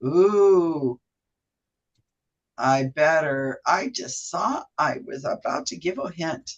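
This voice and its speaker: A woman's voice: deep voice, animated, takes it slowly, muffled recording. A woman hosting a casual trivia game, chatty and self-deprecating, who laughs often and explains the rules loosely. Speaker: trivia host.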